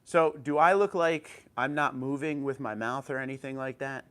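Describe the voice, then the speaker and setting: A livestream host from New Jersey chats casually from home into an old tablet, his pitch easy and even. Moving at a moderate, smooth pace, he greets viewers individually by name and reads their comments back in a friendly, informal manner.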